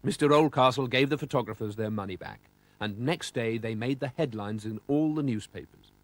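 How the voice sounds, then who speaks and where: A man narrating a children's storybook in an expressive, animated way. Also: mid-range voice, a little fast.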